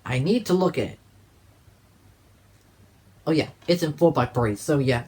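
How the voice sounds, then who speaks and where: A man's voice: fairly high pitch, expressive, unhurried, a little mellow, slightly rough. A man talking casually to camera about his disc collection in a rambling, profane way. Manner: profane, rambling, restarts often. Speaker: DVD collector vlogger.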